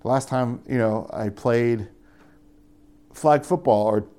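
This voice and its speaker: A man's voice: mid-range voice, slow, warm tone, clear, resonant tone. A young adult man preaching a conversational sermon as pastor, often rising into emphatic appeals.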